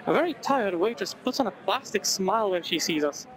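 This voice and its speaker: A man's voice: sits high, lively intonation, a little fast, few pauses, a bit bright, low-quality recording. A man playing a visual novel, reading it aloud with chatty, wry asides. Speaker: video game let's player. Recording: background game music.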